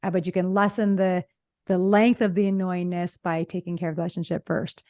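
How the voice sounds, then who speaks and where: A woman therapist co-hosts a relationship podcast, speaking fast and emphatically. Her voice sits a little low, and she repeats her key points with blunt asides. The sound is dry and close. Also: flat delivery, a little mellow, dry recording. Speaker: relationship psychologist podcast co-host. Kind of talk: casual podcast conversation.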